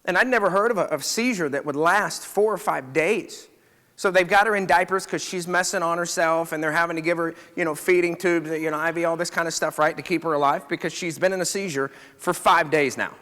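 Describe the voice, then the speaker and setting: A man's voice: fairly high pitch, a little fast, pushed and bright, long reverb tail. A middle-aged man, a chiropractor, telling a story to a live audience in a conversational way, often checking in with his listeners.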